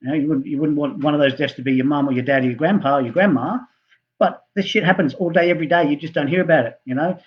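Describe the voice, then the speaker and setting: A man's voice: fairly high pitch, fast, lo-fi sound. A middle-aged man, a health coach, ranting in a profane, heated and rambling monologue to his viewers.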